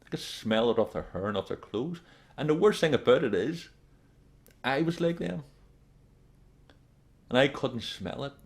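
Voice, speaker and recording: Blunt, emphatic man giving a motivational talk. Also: medium pitch. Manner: blunt, emphatic and direct, repeats warnings. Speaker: life coach.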